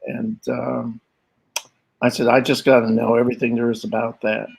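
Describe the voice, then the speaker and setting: Older man, interview guest, animated storyteller, acts out voices, laughs often. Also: mid-range voice, moderate pace, vocal fry, breathy edge, poor audio. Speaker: guest artist.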